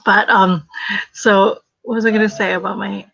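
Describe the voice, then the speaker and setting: A woman's voice: mid-range voice, flat delivery, normal speed, gravelly, fairly bright tone, dull audio. A woman hosting a casual livestream, chatty and laughing often. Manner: chatty, laughs often, talks to her dog. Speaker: livestream host.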